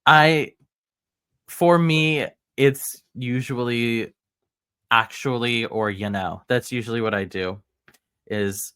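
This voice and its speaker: A man's voice: medium pitch, slow pace, long pauses, fairly bright tone, smooth, no room sound, studio quality. A man from Maryland, a podcast guest, talking casually in a hesitant way and laughing often. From United States, grew up in Maryland. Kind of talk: casual chat.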